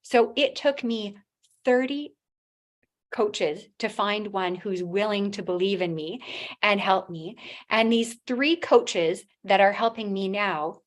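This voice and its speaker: A middle-aged woman with a non-native English accent, giving a motivational talk on stage in a halting way, with restarts and acted-out quotes. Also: medium pitch. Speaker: motivational speaker.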